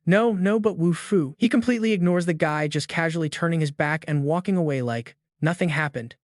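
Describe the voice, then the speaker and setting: A man's voice: fairly high pitch, no echo, clean studio sound. A man narrating a comic recap with punchy, emphatic storytelling.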